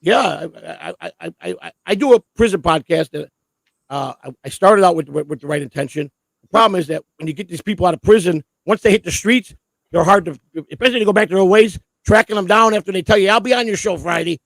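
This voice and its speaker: A man's voice: high-pitched, quick pace, vocal fry, a bit bright, no room sound, low-quality recording. A man co-hosting a casual talk stream, telling long stories in a rambling, profane way and stumbling over repeated words as he starts sentences. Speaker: co-host.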